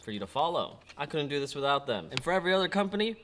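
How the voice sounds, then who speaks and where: A man who works as a car tuner, talking casually and teasing, with bursts of loud emphasis. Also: on the high side, sing-song, very fast, hardly any pauses. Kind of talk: casual chat.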